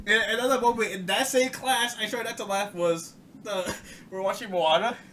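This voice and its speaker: A man's voice: high-pitched, moderate pace, sharp tone, a little hiss or hum. A young man chatting casually on a podcast, telling loose rambling stories, swearing a lot and laughing often. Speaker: podcast host. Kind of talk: casual chat.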